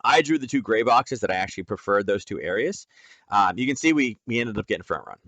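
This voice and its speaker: Fast and lively, a fairly low-pitched man with a fairly bright tone leads a nightly chart stream, with no room sound in the recording. His loose, chatty trading lesson is full of "um" and "like."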